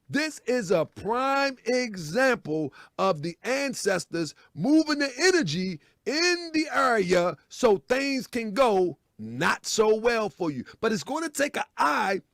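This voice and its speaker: A man talks over a video clip in a high voice that swoops up and down a lot. He laughs and mocks the person on screen, and the sound is dry and close. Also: no room sound. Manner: animated, laughing, mocking. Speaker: commentator. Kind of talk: casual commentary on a video clip.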